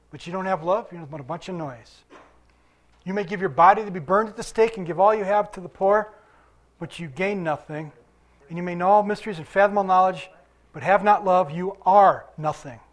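An older man preaching in a high, light voice, chatting with his congregation and quizzing them between verses. He is still recovering from illness, and his talk moves from soft asides to stretched, emphatic lines. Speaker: pastor. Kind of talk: sermon.

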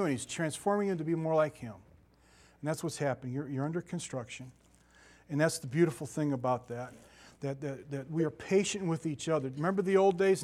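A middle-aged man preaching a sermon in a conversational, animated way, with asides and laughter. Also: fairly high pitch.

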